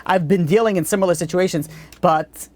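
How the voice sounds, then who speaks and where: Earnest blunt rabbi teaching a class. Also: male voice, sits high, a little fast, darkish tone. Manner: blunt, earnest, with many restarts. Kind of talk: Torah class lecture.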